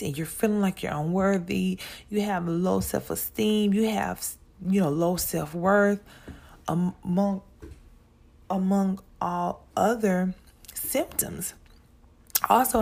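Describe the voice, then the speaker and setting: Woman, podcast host, casual talk, low voice, gravelly, repeats herself. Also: a little mellow. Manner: chatty, repeats words and restarts, addresses listeners as y'all. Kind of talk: casual monologue.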